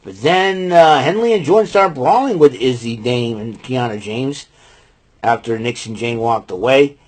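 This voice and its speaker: Male host, husky voice, loose rambling recap with lots of "uh" and "you know". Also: mid-range voice, animated, a little slow. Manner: rambling, many fillers and restarts. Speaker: podcast host recapping wrestling. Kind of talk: casual spoken recap.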